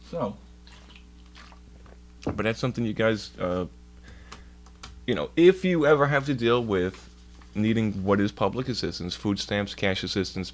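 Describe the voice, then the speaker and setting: A man's voice: fairly low pitch, slight background noise. A man streaming from home, rambling through a profane story in casual chat and putting on voices for the people he quotes. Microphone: laptop mic.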